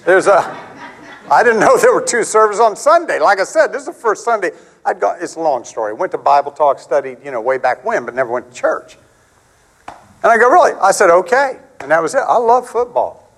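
Casting: middle-aged male preacher, higher voice, very lively delivery, chatty sermon style. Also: a little fast, low-quality recording. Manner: animated, conversational, acts out quotes with big pitch swings.

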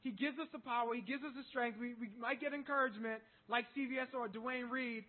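A pastor delivering a sermon in an emphatic manner, building to loud passages. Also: male voice, very high voice, fairly even intonation, brisk. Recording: tinny phone-like recording.

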